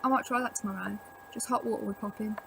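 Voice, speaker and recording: This young vlogger's voice is gravelly and medium-pitched, fairly even in intonation and quick, heard against a noisy background. She's at home chatting to camera, rambling through tips with frequent "like".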